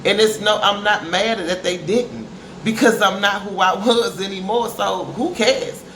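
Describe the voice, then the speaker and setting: A woman's voice: mid-range voice, steady tone, a little slow, fairly bright tone. Emphatic middle-aged woman in an echoey room. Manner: emphatic and preachy, calls listeners honey. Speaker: parent giving advice. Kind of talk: candid motivational talk to camera. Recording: echoey room with faint noise.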